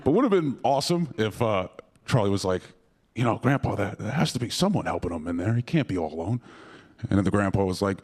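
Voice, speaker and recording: A man's voice: lowish voice, very animated, quick pace, darkish tone. A young man performing a stand-up comedy set in a comedy club, rambling and profane with lots of fillers and self-mockery. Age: young adult.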